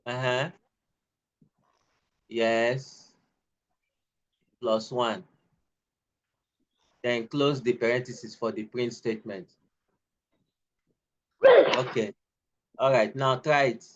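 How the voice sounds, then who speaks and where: A man's voice: mid-range voice, steady tone, very slow, long pauses. Patient male coding tutor, lo-fi audio. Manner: patient step-by-step instructions, repeating himself. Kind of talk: one-on-one online coding lesson.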